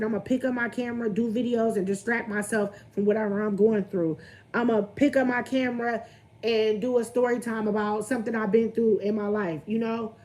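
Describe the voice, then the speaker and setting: Young woman, casual venting livestream, candid, slightly high voice. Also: fairly even intonation, fairly quick, a little mellow. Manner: candid, talks straight to the camera and greets viewers. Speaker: vlogger on a livestream.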